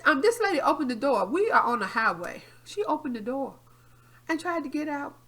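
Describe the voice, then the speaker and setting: Woman, podcast co-host, high pitch, sharp bright tone, very lively delivery, casual storytelling. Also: fairly quick. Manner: animated, acts out quotes loudly; frequent laughter and profanity.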